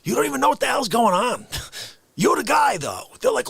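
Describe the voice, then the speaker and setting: A man with a very high, creaky, somewhat breathy voice hosts a daily live variety show at a moderate pace. Animated and jokey, he laughs often and drifts from topic to topic in casual chat. There is no room sound.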